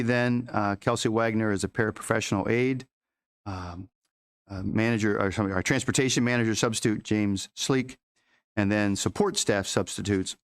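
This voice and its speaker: A man with a lowish voice goes through agenda items at a school board meeting. He speaks informally and haltingly, with plenty of fillers and restarts.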